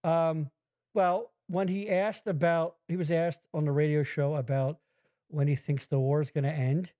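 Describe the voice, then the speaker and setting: A man's voice: fairly high pitch, moderate pace, highs cut off. A man hosting a podcast, chatting casually and reacting to clips with profane, incredulous commentary. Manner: profane, incredulous, animated retelling. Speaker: podcast host.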